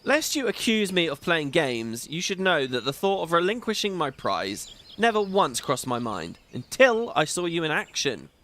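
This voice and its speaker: A man's voice: fairly high pitch, very animated, normal speed, hardly any pauses, sharp tone, slight background noise. A man voicing a theatrical, courtly male chronicler, reading game dialogue aloud in a grandiose, flowery way. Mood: gracious. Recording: game music behind voice.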